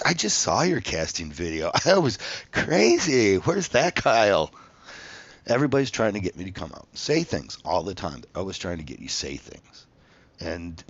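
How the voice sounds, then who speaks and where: A man's voice: sits low, highs cut off. A man telling a story from his own past in a casual monologue, swearing freely and acting out the dialogue with animation.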